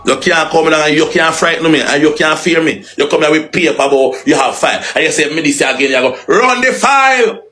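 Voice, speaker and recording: A man's voice: fairly high pitch, fairly even intonation, brisk, hardly any pauses, bright, forceful tone. A man with a Jamaican accent in a heated, profane, taunting live-stream rant that repeats its jabs.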